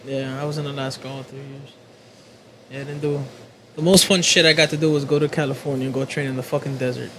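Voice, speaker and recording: A man, an army veteran, speaking in a relaxed, profane way in a casual chat. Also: medium pitch, fast, a little hiss or hum, poor audio. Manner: laid-back, profane, reacts with short exclamations.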